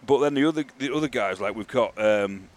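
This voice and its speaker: Low-voiced man rambling on a podcast. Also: fairly quick. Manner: rambling, asks for agreement. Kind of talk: casual podcast chat.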